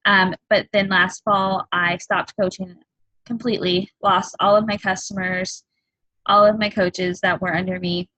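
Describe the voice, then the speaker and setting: Candid bright-voiced woman in her thirties. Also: medium pitch, level tone, no room sound, poor audio. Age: 30s. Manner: candid and earnest, halting with frequent ums. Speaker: fitness coach. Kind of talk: personal testimony on a group call.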